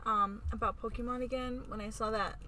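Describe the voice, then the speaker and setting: A woman co-hosting a podcast in casual chat, giggly and quick with short reactions. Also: on the high side, steady tone, pushed and bright, slight background noise. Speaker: podcast co-host. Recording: distant mic with faint room ambience.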